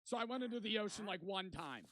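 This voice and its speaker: High, bright-voiced young man ranting. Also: fast talker. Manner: rambling, profane, animated retelling. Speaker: streamer. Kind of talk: casual storytelling to chat.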